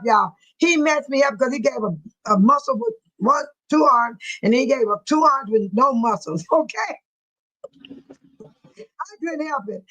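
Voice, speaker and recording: High-voiced giggly woman hosting a livestream. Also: fairly bright tone, poor audio. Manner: giggly, laughs often between remarks; playful and teasing with viewers. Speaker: livestream host. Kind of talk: casual livestream chat, reading viewer comments aloud.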